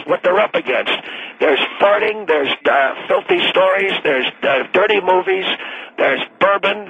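An elderly man in his late seventies talks bluntly and crudely, as if nothing will stop him. His voice sits a little high and is gravelly and husky. He is heard over a thin, tinny phone line. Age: 70s. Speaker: retired attorney, radio guest. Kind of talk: call-in radio talk.

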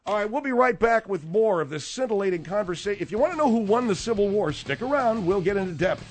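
Talk radio guy rambling on, lots of uh and restarts, really animated pitch. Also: fast, faint music behind. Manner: rambling, many fillers and restarts. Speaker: radio host.

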